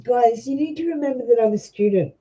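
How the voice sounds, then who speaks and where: Husky Australian woman doing live tarot readings. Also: fairly high pitch, mellow, lo-fi sound. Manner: chatty, halting, with many ums and restarts. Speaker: tarot reader. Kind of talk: live-stream card reading.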